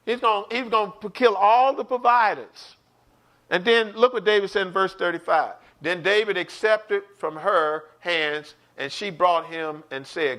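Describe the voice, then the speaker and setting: High-voiced, animated male preacher. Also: measured pace. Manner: animated, repeats words, calls out to listeners. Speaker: pastor teaching a Bible study. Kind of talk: preaching in an online Bible study.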